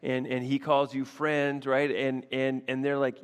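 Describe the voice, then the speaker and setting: A man's voice: medium pitch, little pitch movement, unhurried, few pauses, clear, resonant tone, long reverb tail. A man preaching a sermon conversationally, often repeating himself and checking in with the congregation. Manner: conversational, repeats phrases, frequent "right?" asides. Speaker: pastor. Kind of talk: expository sermon.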